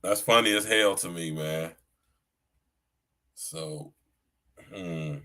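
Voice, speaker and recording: A man's voice: sits low, takes it slowly, pushed and bright. A middle-aged man hosting a podcast livestream in a casual, slangy chat style, often saying "you know what I'm saying.". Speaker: podcast host.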